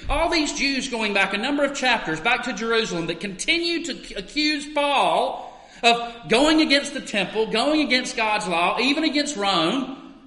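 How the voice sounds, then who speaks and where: A male pastor preaching a sermon, emphatic, swinging between loud stresses and quiet asides. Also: high-pitched. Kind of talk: expository sermon. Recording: echoey hall with long reverb.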